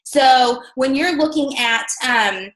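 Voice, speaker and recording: A woman's voice: sits high, slow, a bit bright, reverberant, low-quality recording. A middle-aged woman giving a candid, chatty motivational talk to a sales team, full of fillers and self-deprecating asides.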